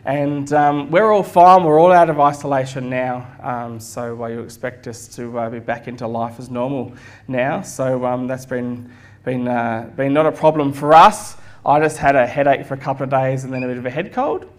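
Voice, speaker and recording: A male pastor giving a sermon, telling relaxed stories and jokes, with fillers like "um" and "uh" along the way. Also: mid-range voice, normal speed.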